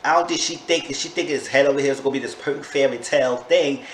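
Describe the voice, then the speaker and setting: A man in a casual vlog, recapping a reality show with gossipy commentary and sudden high-pitched bursts of disbelief. His voice sits at an ordinary middle pitch. The room is echoey, with a faint hiss of background noise. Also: quick pace. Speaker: TV show reviewer.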